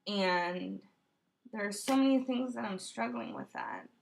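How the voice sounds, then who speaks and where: A woman's voice: medium pitch, unhurried, gravelly, slight background noise. A woman vlogging from her room at home in a casual late-night monologue, rambling and self-questioning, with frequent laughs. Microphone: computer webcam.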